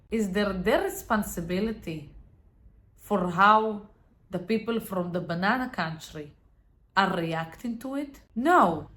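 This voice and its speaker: Speaking to camera, a vlogger offers motivational advice in a mid-range, fairly bright voice. She is earnest and emphatic, sometimes restarting her sentences.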